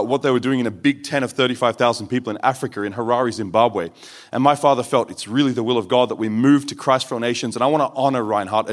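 Earnest male preacher telling his story. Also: mid-range voice. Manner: earnest storytelling with quoted voices. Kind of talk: sermon testimony.

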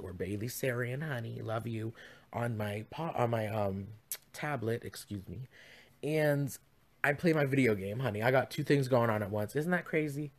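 A young man chats on his home podcast in a campy, gossipy way, wandering off into tangent after tangent. His voice sits at an ordinary middle pitch and he keeps it loose and conversational. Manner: chatty, campy, rambling asides. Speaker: podcast host. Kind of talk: casual chat. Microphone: podcast mic.

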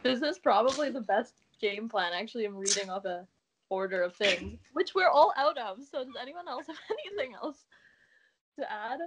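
A woman co-hosting a podcast in casual chat, upbeat with quick reactions. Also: on the high side, lively intonation, slight background noise. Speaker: podcast co-host.

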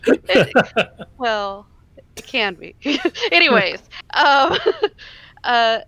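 A woman in casual chat as a player in a tabletop game, gentle, earnest and giggly. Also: fairly high pitch, very animated, drawn-out words, vocal fry, no room sound, poor audio.

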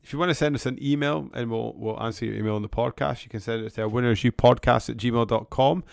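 A man co-hosting a casual podcast, croaky after a flu, jokey as he wraps up the show. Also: mid-range voice, fairly even intonation, fast, no room sound, clean studio sound. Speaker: podcast co-host. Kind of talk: casual chat.

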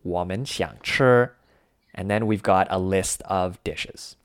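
Slow, deep-voiced man on a dry mic. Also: clean tone, no echo. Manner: unhurried, walks through each dish step by step. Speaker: language podcast co-host. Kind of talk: explaining Mandarin phrases.

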